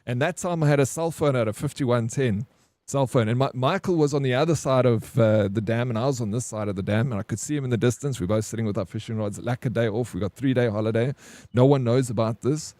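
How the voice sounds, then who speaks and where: A man's voice: mid-range voice, fast, darkish tone, dry recording. A man casually telling a story to his stream chat, swearing and calling people bro. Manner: laid-back, swears, says "bro".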